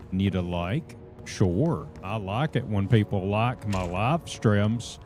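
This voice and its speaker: A man's voice: lowish voice, slow, darkish tone, a little hiss or hum. A man with a Southern US accent giving folksy, drawling live commentary while streaming a game. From southern United States.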